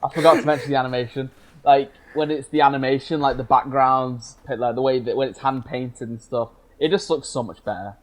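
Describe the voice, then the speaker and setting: A man co-hosting a casual movie podcast, his voice sitting at an ordinary middle pitch for a man. He meanders through his thoughts and often fumbles for the right words. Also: fairly even intonation, a little fast, low-quality recording. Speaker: podcast co-host.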